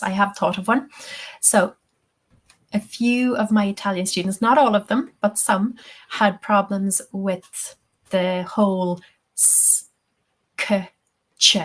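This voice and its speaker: A woman, a tutor answering questions in a live webinar, chatty and thinking aloud with many ums. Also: mid-range voice. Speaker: English-teaching tutor.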